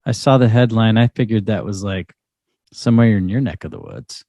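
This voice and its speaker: A man's voice: fairly low pitch, lively intonation, fairly quick, gravelly, mellow, no echo. A man from Idaho co-hosting a podcast in casual profane chat, dry and laid-back with wry asides. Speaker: podcast co-host.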